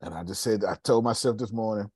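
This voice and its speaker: A man's voice: fairly low pitch, fast, a little mellow, husky, no echo. A man hosting a coaching meeting, talking in a casual, blunt style, repeating points and swearing freely while calling on listeners by name. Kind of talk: casual motivational talk.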